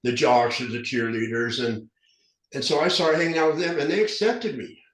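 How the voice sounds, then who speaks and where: As a podcast guest, a southern Utah recovery specialist of about fifty shares candid stories at a normal speed, with a mid-range voice and fairly even intonation. He talks earnestly and ramblingly, restarting often, with a slight denture lisp. The recording sounds roomy and echoey.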